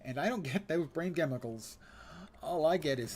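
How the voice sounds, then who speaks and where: A man's voice: on the high side, expressive, normal speed. Wry older man streaming a game. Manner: wry, self-deprecating, reads quest text aloud. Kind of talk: casual gameplay commentary.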